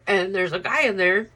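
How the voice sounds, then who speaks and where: A woman's voice: mid-range voice, bright, forceful tone, low-quality recording. Woman just telling her story, rambly, lots of likes and ums, swears without a second thought. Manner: rambling, full of "like" and "um" fillers; blunt, swears freely. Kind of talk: casual personal storytelling.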